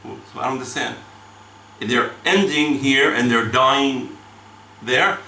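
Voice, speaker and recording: A man's voice: medium pitch, slow, sharp tone, slight background noise. A male rabbi giving a spoken Torah class, dramatic, with rhetorical questions and sweeping emphasis, mixing in Hebrew terms and reading Talmud aloud. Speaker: rabbi teaching the weekly Torah portion. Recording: echoey room, mic at a distance.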